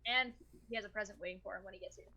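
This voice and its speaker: A woman's voice: medium pitch, racing, over a noisy crowd. A woman co-hosting a casual group video chat, playful and bantering. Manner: playful, reads tweets aloud. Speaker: co-host. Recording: dull lo-fi mic.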